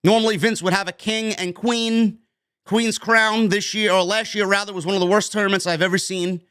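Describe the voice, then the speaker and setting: A man with a rather high voice rants about the news as a podcast host. He is emphatic and blunt and swears without holding back. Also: little pitch movement, moderate pace, fairly bright tone, clean tone. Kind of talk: opinionated news rant.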